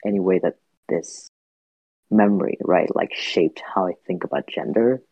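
A man's voice: low-pitched, moderate pace, creaky, mellow, breathy edge, no echo. A man from Vietnam, a podcast guest, talking thoughtfully and hesitantly with many fillers and restarts, in dull lo-fi audio. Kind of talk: reflective podcast conversation.

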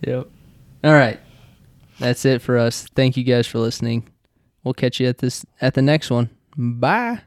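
A man with a Midwestern American accent hosts a casual podcast, gently prompting his young son and chuckling often. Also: medium pitch, unhurried. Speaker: podcast host.

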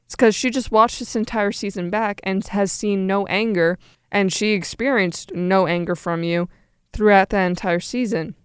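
A woman's voice: medium pitch, moderate pace, clean tone, dry recording, clean studio sound. A young woman co-hosting a podcast, chatting casually about a reality show with bursts of exasperation. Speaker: podcast co-host.

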